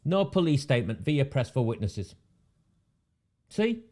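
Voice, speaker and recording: A man's voice: mid-range voice, sing-song, unhurried, darkish tone. A man, delivering a sarcastic, indignant rant and repeating phrases for emphasis. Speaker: independent political commentator. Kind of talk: ranting monologue.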